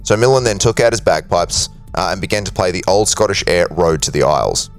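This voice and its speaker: A man's voice: deep voice, a little fast, soft background music. A man hosting a podcast, telling a history story in a casual way with frequent fillers. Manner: steady narration with frequent uh fillers. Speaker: podcast host.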